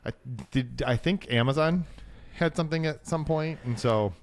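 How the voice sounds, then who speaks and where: A man's voice: fairly high pitch, moderate pace, dry recording. A man co-hosting a tech podcast, thinking aloud in casual chat with frequent restarts. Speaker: podcast co-host.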